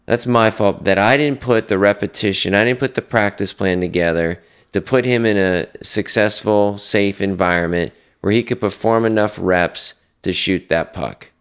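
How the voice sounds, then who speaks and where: A man's voice: lowish voice, normal speed, few pauses, smooth. A man who coaches hockey, co-hosting a podcast and earnestly telling a story from the bench. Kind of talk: casual podcast chat and storytelling.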